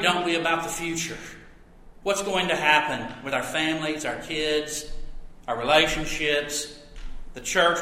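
Bright-voiced preacher man in an echoey hall. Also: fairly high pitch. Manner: earnest, emphatic preaching with rising and falling volume. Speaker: pastor. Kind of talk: sermon.

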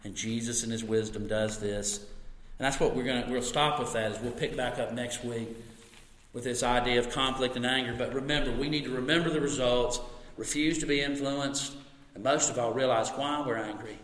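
A man preaching a sermon as pastor, telling a story with lively energy and easing into soft, slow reflection. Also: medium pitch. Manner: storytelling, animated when recounting, soft and slow on reflective points. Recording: echoey hall.

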